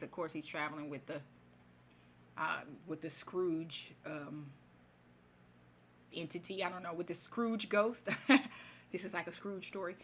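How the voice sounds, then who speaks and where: A woman's voice: fairly low pitch, fairly bright tone, a little hiss or hum. A woman casually retelling a fairy tale in her own words, rambling and chatty, with many restarts. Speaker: storyteller.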